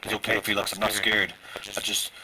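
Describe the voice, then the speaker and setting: A man voicing a gentle male adventurer in a tabletop game, whispering reassurance under his breath. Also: fairly low pitch, completely flat delivery, fairly quick, over a noisy crowd, lightly acted, rough recording. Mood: reassuring. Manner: whispering, hushed.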